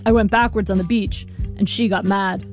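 A woman voicing a confused older father with dementia, halting and searching for words. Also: mid-range voice, fairly even intonation, faint music behind, lightly acted. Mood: cheerful.

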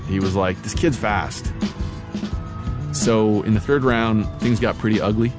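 A young adult man telling a personal story in a relaxed, casual way, with easy fillers. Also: lowish voice, moderate pace. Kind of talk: personal storytelling over music. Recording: guitar music behind voice.

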